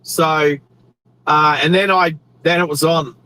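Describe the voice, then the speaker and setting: An Australian man hosting a show, telling a rambling, animated story with restarts while he drives his car. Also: on the high side, takes it slowly, smooth, rough recording. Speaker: host. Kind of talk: casual storytelling while driving. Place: inside a car on the road.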